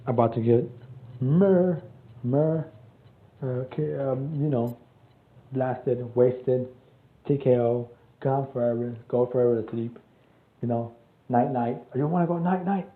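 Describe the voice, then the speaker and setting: A man's voice: mid-range voice, steady tone, slow, long pauses. A man casually retelling a story, rambling with many fillers and restarts. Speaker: channel host. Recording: tinny echoey phone-like audio.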